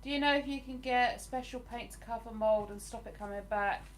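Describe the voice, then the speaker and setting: A woman's voice: on the high side, brisk, a little hiss or hum. Chatty woman on a live stream. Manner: chatty and rambling, with frequent ums. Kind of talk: casual live-stream chat reading viewer comments. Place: at home in a living room.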